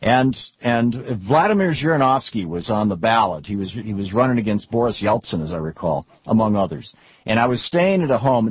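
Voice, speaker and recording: A husky, slightly breathy middle-aged man talking politics in an unscripted, rambling way, often stumbling and restarting mid-phrase. The sound is dry with no room around it, on a dull, lo-fi recording. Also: on the low side, dry recording. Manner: rambling, frequent restarts and repeated words. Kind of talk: unscripted political talk with anecdotes.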